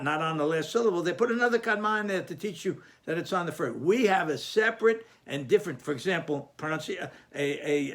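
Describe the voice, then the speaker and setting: A man's voice: on the high side, fairly bright tone. A man teaching a lesson, patient and explanatory, often repeating and restarting phrases. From Sephardic Jewish community.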